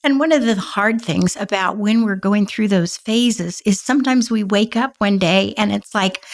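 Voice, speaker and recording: A middle-aged woman co-hosting a podcast, talking gently and reassuringly about grief and guilt. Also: medium pitch, normal speed, hardly any pauses. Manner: gentle, reassuring, acts out inner thoughts. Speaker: podcast co-host. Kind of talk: conversational advice talk.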